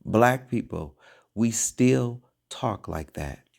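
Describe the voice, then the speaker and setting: A man's voice: on the low side, animated, takes it slowly, creaky, darkish tone. A man giving preachy, casual commentary as an online religious commentator, emphatic and full of rhetorical questions.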